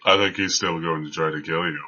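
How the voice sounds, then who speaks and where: A man's voice: very deep voice, steady tone, brisk, bright, forceful tone. A man narrating as game master of a tabletop game, with dry, teasing remarks. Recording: dull lo-fi sound.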